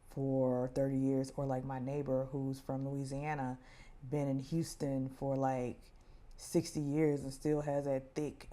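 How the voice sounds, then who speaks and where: A woman hosting a casual recap of a reality show, chatty and opinionated, now and then mimicking people in a higher voice. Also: mellow. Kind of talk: casual commentary.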